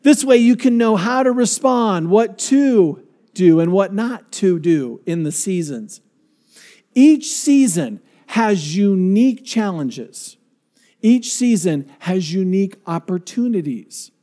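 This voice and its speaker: A male pastor delivering a sermon in a chatty, storytelling style. His voice sits high for a man. He often turns to the congregation with quick questions. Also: sing-song, mellow.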